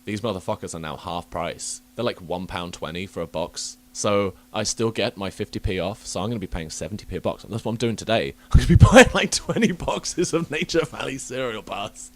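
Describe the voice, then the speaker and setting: A young man hosting a podcast, telling stories in a casual, animated way, swearing freely and laughing often. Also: fairly low pitch, brisk, hardly any pauses. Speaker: podcast host. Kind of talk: casual chat.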